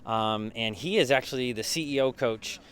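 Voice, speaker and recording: A man's voice: mid-range voice, normal speed, a bit bright, slight background noise. A man who leads a business mastermind group, giving a casual behind-the-scenes recap, with lots of fillers and restarts.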